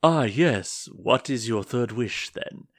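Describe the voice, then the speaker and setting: A sly, tusked genie monster in a tabletop game, voiced by a man. He speaks with smooth, obliging menace. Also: mid-range voice, expressive, takes it slowly, dry recording, clean studio sound.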